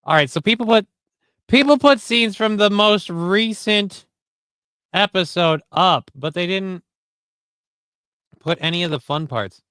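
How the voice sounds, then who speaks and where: A man's voice: high-pitched, a little slow, long pauses, fairly bright tone, clean tone, no room sound. A man hosting a casual livestream, loose, profane and jokey, reading chat comments and card text aloud. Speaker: livestream host.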